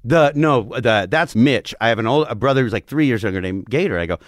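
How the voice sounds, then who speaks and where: A man in his forties telling a wild family story in casual chat, swearing freely and acting out what people said, breaking into loud laughs. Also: mid-range voice, expressive, fairly quick, no room sound, studio quality. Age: 40s.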